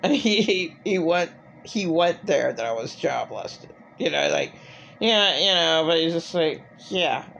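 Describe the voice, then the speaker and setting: A woman's voice: low voice, animated, a little slow, creaky, fairly bright tone, dull audio, slight background noise. A middle-aged woman talking in an agitated, rambling personal monologue full of filler words. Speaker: vlogger.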